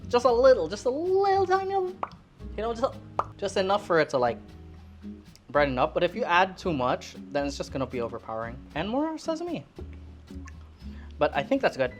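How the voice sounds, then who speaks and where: A woman's voice: normal speed, pauses often, faint music behind. A woman in her late twenties chatting casually while cooking, joking, swearing and rambling. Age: late 20s. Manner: lively, jumps up high when excited. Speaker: cooking vlogger.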